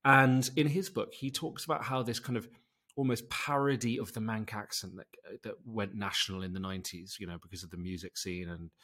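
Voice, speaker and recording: A man from the south of England co-hosting a podcast, thinking aloud with hesitant pauses. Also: lowish voice, steady tone, sharp tone. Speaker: podcast co-host. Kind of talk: casual chat.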